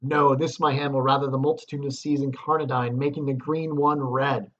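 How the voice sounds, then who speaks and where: A man's voice: medium pitch, level tone, fairly quick, lo-fi sound, a little hiss or hum, lightly acted. A man reading aloud as a guilt-ridden nobleman, voice raised in anguish. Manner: loud, anguished theatrical reading.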